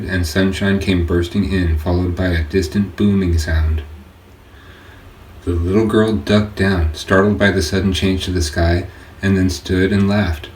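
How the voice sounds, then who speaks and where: A man reading his own novel aloud as an audiobook narrator, in a steady storytelling way. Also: sits low. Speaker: author and narrator. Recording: echoey room, faint hiss.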